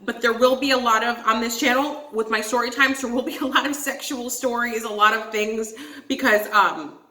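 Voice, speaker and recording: A woman's voice: fairly high pitch, fairly even intonation, normal speed, pushed and bright. A young woman hosting a casual storytime vlog, talking animatedly, swearing and calling her viewers guys. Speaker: channel host telling a story. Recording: echoey room.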